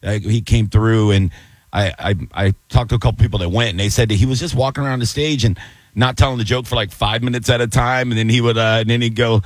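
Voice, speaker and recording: A man's voice: medium pitch, fast talker, no room sound. A man, a comedian and regular on a podcast, chatting casually and telling rambling stories. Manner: rambling, animated storyteller. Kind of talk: casual chat.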